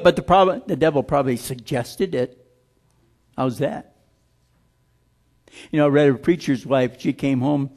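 A man preaching a sermon, blunt and emphatic, slowing down to stress scripture lines. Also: fairly high pitch, darkish tone.

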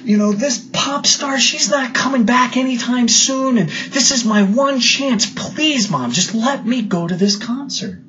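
A preacher voicing a teenage son who insistently pleads with his mother, a bit higher and quicker than the narration. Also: big pitch swings. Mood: pleading. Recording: dull lo-fi recording.

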